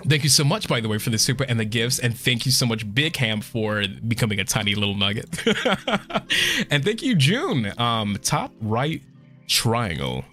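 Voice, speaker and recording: Male streamer, lively bright voice, swears a lot and fights back tears, faint music behind. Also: fairly low pitch, fairly quick. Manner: emotional, swears a lot, trails off and restarts. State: choked up, holding back tears. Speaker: VTuber streamer. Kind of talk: casual chat with viewers.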